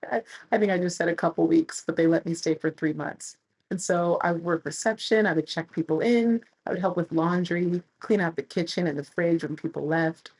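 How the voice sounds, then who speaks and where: A woman in her thirties, a travel vlogger telling stories casually, acting out quotes with big jumps in pitch. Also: moderate pace, a little mellow, breathy edge, rough recording. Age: 30s. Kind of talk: casual storytelling.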